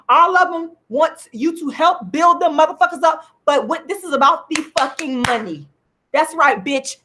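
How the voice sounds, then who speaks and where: A woman's voice: high-pitched, fairly bright tone. A middle-aged woman ranting angrily to camera in a profane, repetitive vlog, hammering her points home. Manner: heated, profane, repetitive, emphatic. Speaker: online commentator. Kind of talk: angry profane vlog rant.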